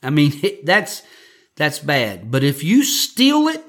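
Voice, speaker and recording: Man, pastor, high-pitched, conversational sermon, joking, repeats words. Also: wildly swooping pitch, takes it slowly, a bit bright.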